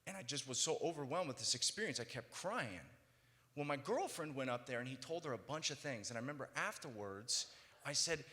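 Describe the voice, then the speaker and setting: A man giving a testimony speech at a banquet, recounting his story and moving from quiet retelling to loud, emphatic preaching. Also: medium pitch, lively intonation, moderate pace. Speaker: keynote speaker. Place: banquet hall. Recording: long hall reverb.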